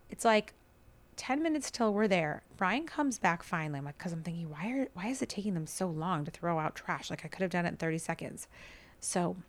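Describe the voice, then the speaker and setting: A woman podcast host casually telling a family story, chatty and animated, acting out quoted dialogue. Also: on the low side.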